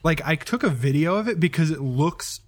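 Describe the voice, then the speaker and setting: A man's voice: fairly high pitch, expressive, moderate pace. A man co-hosting a casual chat, filling in and correcting story details with hesitant fillers. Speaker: podcast co-host.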